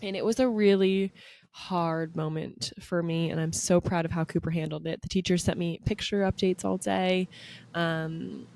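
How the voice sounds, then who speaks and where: A woman's voice: on the low side, fairly even intonation, moderate pace, creaky, a little mellow, no echo. A woman co-hosting a podcast, telling a personal story in a chatty, emotional way with lots of fillers. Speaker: podcast co-host. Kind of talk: casual podcast chat.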